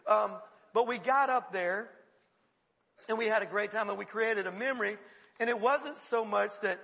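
A man preaching a sermon, telling a funny story in an animated way and often laughing mid-sentence. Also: high voice, moderate pace, creaky, long reverb tail. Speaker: pastor.

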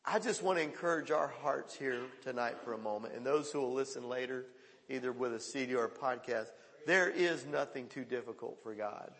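A man's voice: mid-range voice, fairly quick. Emphatic preaching man in a reverberant hall. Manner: emphatic preaching, swings between loud calls and hushed quotes. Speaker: pastor. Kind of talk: sermon.

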